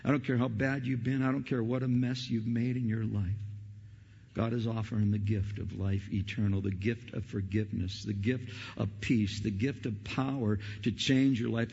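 Gravelly preacher man in a reverberant hall. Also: highs cut off. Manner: impassioned, rising to loud questions, then dropping low and soft. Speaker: pastor. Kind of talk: evangelistic Christmas sermon. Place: church sanctuary.

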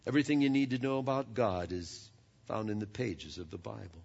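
A man preaching a sermon in a conversational way, often stumbling and repeating words, with lively asides. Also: fairly low pitch, brisk, gravelly, slightly rough. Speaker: pastor. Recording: dull sound with long hall reverb.

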